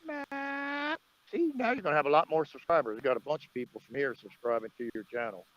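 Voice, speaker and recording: A man's voice: medium pitch, big pitch swings, rapid-fire, fairly bright tone, dull audio. An American man joining a casual livestream chat, telling profane jokes and stories. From United States. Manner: profane, joking storyteller. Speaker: livestream guest.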